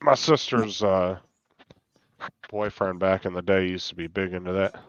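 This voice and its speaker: A man's voice: sits low, normal speed, no echo, highs cut off. A man hosting a live stream, chatting loosely and joking with friends. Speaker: streamer host. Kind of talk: casual live-stream chat.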